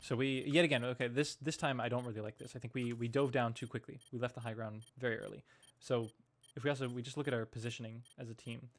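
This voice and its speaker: A man's voice: medium pitch, fairly even intonation, fast, few pauses. Man casually breaking down match footage. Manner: thinking aloud with frequent restarts. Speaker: coach reviewing team gameplay. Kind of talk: casual analytical game review. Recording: noticeable background noise.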